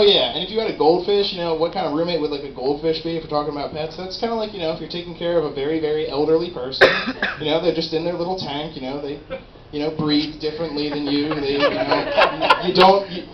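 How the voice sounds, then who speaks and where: A young man doing a stand-up routine in a rambling, animated, profane way at a small live venue. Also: fairly high pitch. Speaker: stand-up comedian. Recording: roomy, dull, noisy live room.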